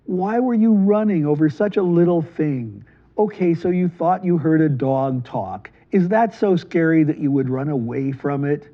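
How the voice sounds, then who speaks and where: A man voicing a calm, dismissive cloth merchant in a children's folk tale, speaking slowly and low. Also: lo-fi sound. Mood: scoffing. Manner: slow, dismissive. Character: calm, slow, scoffing male cloth merchant.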